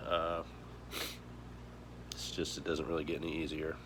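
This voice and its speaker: A man talking in a grieving personal vlog, heavy and halting, choked up, with many pauses and restarts. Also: very deep voice, flat delivery, fairly bright tone, a little hiss or hum. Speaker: vlogger.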